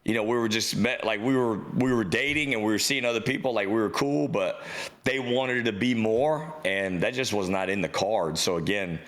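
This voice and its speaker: With a lowish voice at a moderate pace, this young podcast co-host chats casually and spins lively stories full of swearing. He performs the voices of the people he describes.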